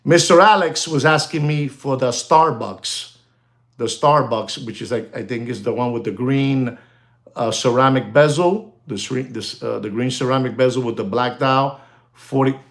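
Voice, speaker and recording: A middle-aged man hosting a live stream as a watch dealer. He talks straight to his viewers in an excitable, chatty way and drops in Spanish words. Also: medium pitch, moderate pace. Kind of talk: casual livestream chat with viewers.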